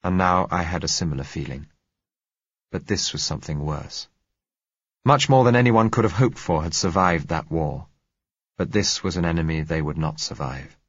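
A man reading a first-person novel aloud as narrator, measured and somber. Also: low voice, breathy edge, no echo. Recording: dry, slightly dull audio.

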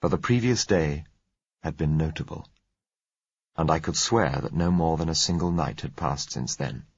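A man reading a first-person novel aloud as an audiobook narrator, in a measured, tense storytelling manner, on a dull, lo-fi recording. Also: extremely low pitch, slightly rough, no echo.

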